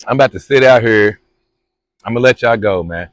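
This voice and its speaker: This casual vlog comes from a young man from Louisville, Kentucky, rambling in loose slang while he films at a spring outdoors on his phone. He talks fairly quickly in a voice on the low side, and there is no room sound.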